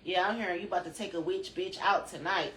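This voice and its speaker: A woman's voice: lowish voice, fairly even intonation, quick pace, a bit bright, reverberant, slight background noise. A woman hosting a rambling spiritual chat, drowsy, chatty and loosely profane, talking from a room at home. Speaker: spiritual channel host.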